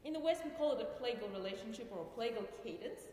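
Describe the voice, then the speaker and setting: Woman, high voice, patient lecture tone, very echoey concert hall. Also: expressive, fast talker, darkish tone. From Uzbekistan. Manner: clear, patient explaining with short demos. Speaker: cellist giving a lecture recital. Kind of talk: academic music lecture.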